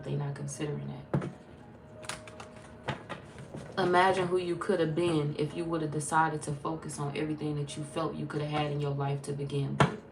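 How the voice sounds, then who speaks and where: A woman's voice: sits low, noisy background. A woman reading tarot in a casual, blunt, chatty way, swearing freely. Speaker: tarot reader. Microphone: phone.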